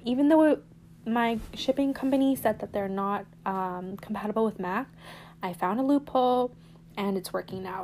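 A woman's voice: medium pitch, dark tone. A young woman hosting a self-help podcast, talking in a chatty, reassuring way with lots of "like" and "um". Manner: chatty, says "like" and "um" often, reassuring. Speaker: podcast host.

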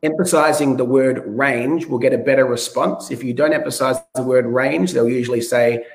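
A man from Australia, a real estate coach giving advice in an interview, his voice a bit hoarse and often restarting sentences. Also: mid-range voice, steady tone, normal speed, hardly any pauses. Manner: restarts sentences, stresses key words. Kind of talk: podcast interview.

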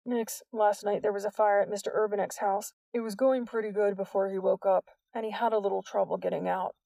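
Narrator playing a steady, kind police sergeant, dry close read. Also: female voice, mid-range voice, brisk, creaky, no room sound, recorded from a distance, close to an everyday voice. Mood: calm. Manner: calm, gentle. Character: calm tired male police sergeant.

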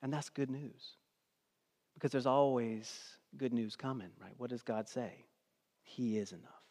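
A middle-aged male pastor preaching a sermon in a church, swinging between hushed near-whispers and loud emphatic declarations. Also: medium pitch, steady tone, measured pace. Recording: long hall reverb.

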